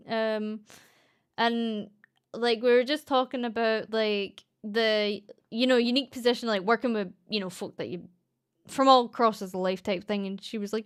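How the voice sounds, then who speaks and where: A woman's voice: fairly high pitch, fairly even intonation, normal speed, fairly bright tone, clear, resonant tone. A young Scottish woman streamer rambling through a casual story with lots of fillers and giggles. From Scotland. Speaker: streamer and voice actress.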